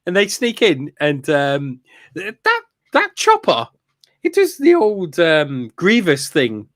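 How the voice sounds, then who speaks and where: A man's voice: on the high side, wildly swooping pitch, slow, no room sound, clean studio sound. A man co-hosting a podcast, chatting in an enthusiastic, rambling way with lots of fillers and laughs. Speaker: podcast co-host. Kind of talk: casual fan review chat.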